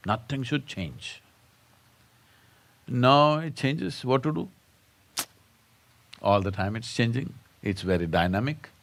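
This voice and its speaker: A man giving a satsang talk as a spiritual teacher, telling stories and prodding his listeners with rhetorical questions. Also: medium pitch. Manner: storytelling with jokes.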